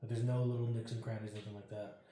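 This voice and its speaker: Dark-voiced man telling a ghost story. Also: lowish voice, fast talker. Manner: animated, acts out quoted dialogue, swears freely. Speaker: interview guest. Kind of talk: casual storytelling. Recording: very echoey room.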